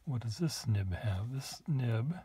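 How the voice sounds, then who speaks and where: In this relaxed show-and-tell, a pen collector holds up pens for the camera and tries out nibs at his desk, musing with small side remarks. He speaks slowly yet animatedly, in a warm, medium-pitched voice, with slight background noise.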